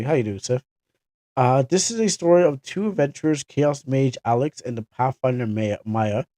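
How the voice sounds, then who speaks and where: A man's voice: medium pitch, mellow, dry recording. A young Canadian man chatting casually on a game livestream, rambling and correcting himself with chuckling asides. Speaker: streamer.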